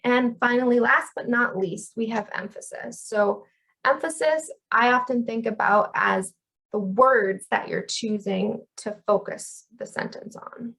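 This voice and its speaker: A woman in her thirties explaining ideas as a communication instructor in an educational video, with clear teaching and lively stress on key terms. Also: fairly high pitch, measured pace, rough recording.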